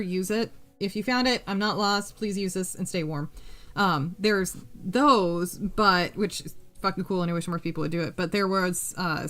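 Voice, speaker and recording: Lively, bright-voiced woman streamer. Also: mid-range voice. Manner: laughs often, swears freely, reads chat aloud. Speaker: streamer and host. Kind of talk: casual live-stream chat while crocheting.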